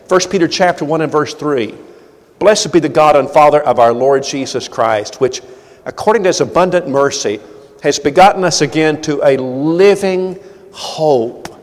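A man preaching a sermon, earnest, repeating words as he goes, his delivery swinging between loud and soft. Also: on the high side, moderate pace, in a large hall.

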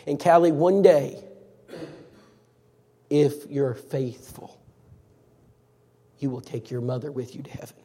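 A man doing a gentle older church elder. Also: mid-range voice, breathy edge, big-room sound. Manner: soft, slow, reassuring.

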